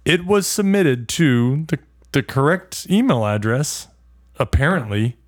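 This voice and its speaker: A man's voice: mid-range voice, animated, unhurried. A man co-hosting a casual podcast, wry and teasing, with mock exasperation. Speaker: podcast co-host.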